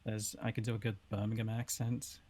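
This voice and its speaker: A mid-pitched voice speaks haltingly, with plenty of likes and ums, in a relaxed group chat about accents. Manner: hesitant, many fillers.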